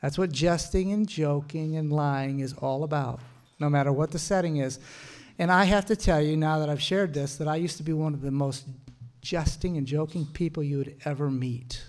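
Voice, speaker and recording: A middle-aged man with a slightly high voice, teaching couples in a sermon-like way. He tells stories in a lively, chuckling manner and throws in punchy asides. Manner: storytelling with quick laughs, punchy asides. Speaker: Christian marriage teacher.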